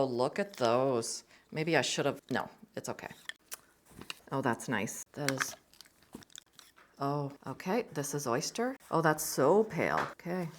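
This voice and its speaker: Her voice is extremely low, and background noise runs through the clip. This middle-aged art channel host chats enthusiastically and mutters to herself as she tries out pencils and paints.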